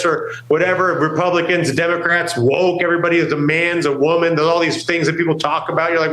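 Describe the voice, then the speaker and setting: A man's voice: on the high side, fast talker, hardly any pauses, a bit bright. Emphatic rambling man, echoey room. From New York, USA. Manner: rambling, emphatic, quotes imagined people. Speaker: co-host. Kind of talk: casual market talk show banter.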